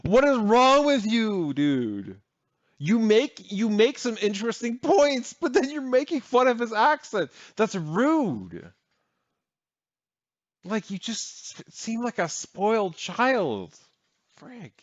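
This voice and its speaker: A man's voice: sits high, sing-song, takes it slowly, no echo. A man hosting a casual reaction video, talking in blunt, exasperated asides recorded on a dull, lo-fi home mic.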